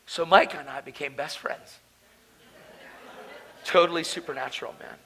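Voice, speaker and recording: A man preaching his personal testimony at a conference. He swings from hushed storytelling to loud, emotional shouting. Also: on the high side, normal speed, vocal fry, pauses often, rough recording.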